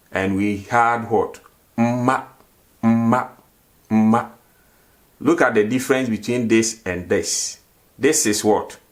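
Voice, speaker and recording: A man teaching a grammar lesson, who asks questions and answers them himself and repeats words for drill. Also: on the low side. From Ghana. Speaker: language teacher.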